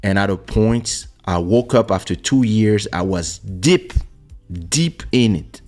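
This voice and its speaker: A podcast host and musician with a fairly low voice tells a personal story slowly and casually, animatedly acting out the voices of the people he quotes. He's on a studio podcast microphone with faint music behind him.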